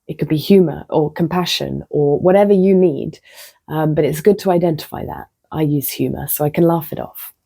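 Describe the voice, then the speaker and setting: A woman vlogging in a low, husky, mellow voice. She tells her own story candidly and laughs at herself. Her voice slips into soft near-whispers now and then. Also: moderate pace. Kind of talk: casual reflective monologue.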